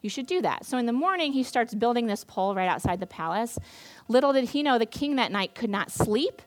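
A woman's voice: on the high side, animated, a little fast. Chatty young woman retelling a Bible story. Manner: chatty, playful, acts out quoted characters. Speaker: campus ministry staff speaker.

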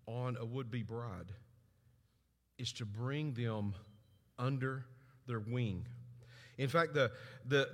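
A middle-aged man preaching a sermon, telling stories and acting out family voices with big swings in pitch. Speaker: pastor. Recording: long hall reverb.

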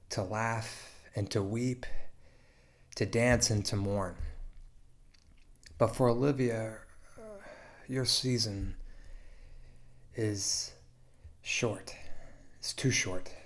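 Pastor, male, low voice; slow, tender memorial eulogy with long pauses.

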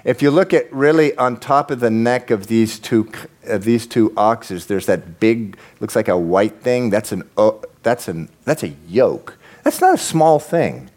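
A man preaching a sermon as pastor, conversational and animated, rising into emphatic peaks. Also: lowish voice, unhurried.

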